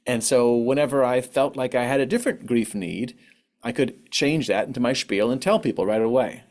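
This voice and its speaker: A man giving a candid, reflective online talk on grief, now and then acting out what others said in a higher voice. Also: normal speed, darkish tone. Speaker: conference speaker on grief. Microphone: online presentation mic.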